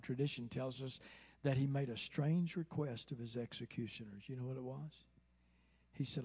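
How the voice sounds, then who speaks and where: Husky preacher, hushed to soaring. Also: male voice, mid-range voice. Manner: swings from hushed asides to loud, slow, soaring exclamations. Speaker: pastor. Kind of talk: sermon. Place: church sanctuary.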